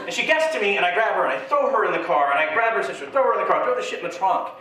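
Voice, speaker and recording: A man's voice: high voice, expressive, very fast, bright, forceful tone, a little hiss or hum. A man doing a stand-up comedy set on stage, telling a story and acting out the voices of the people in it. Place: live venue on stage. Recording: very echoey live venue, distant mic.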